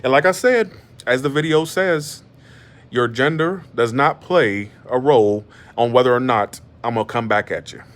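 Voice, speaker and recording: A man's voice: medium pitch, moderate pace. Blunt man talking from bed. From Georgia, USA. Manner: blunt, animated and defensive, with many restarts. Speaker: YouTuber. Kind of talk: casual monologue on a live stream. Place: in bed at home.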